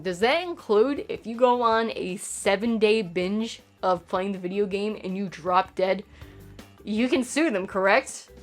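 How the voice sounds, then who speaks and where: Woman reading fine print out loud for laughs, snarky and sweary, faint music behind. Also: a little high. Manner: sarcastic, profane asides. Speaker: channel host. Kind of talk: comedic reading of a game manual.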